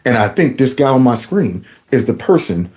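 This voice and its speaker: Animated man telling a comic story. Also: mid-range voice, moderate pace. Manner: animated, talks straight to the audience. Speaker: comedic storyteller. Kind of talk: comedic storytelling.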